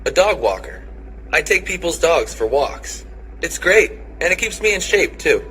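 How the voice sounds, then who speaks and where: A man's voice: on the high side, sing-song, moderate pace, bright, forceful tone, a little hiss or hum, rough recording. A young man playing a cheerful student in a scripted textbook dialogue. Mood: upbeat. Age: young adult. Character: cheerful young male student who walks dogs. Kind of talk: scripted course-audio dialogue.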